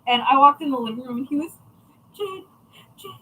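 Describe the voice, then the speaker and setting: A woman's voice: sits high, animated, a little fast, fairly bright tone, poor audio. A young adult woman chatting casually to viewers, blunt and chatty with frequent swearing. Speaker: crafting channel host.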